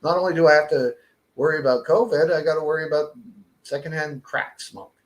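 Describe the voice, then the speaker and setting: A man's voice: on the high side, a little fast. A Canadian man ranting in a casual podcast chat, swearing constantly. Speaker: podcast co-host. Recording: echoey room.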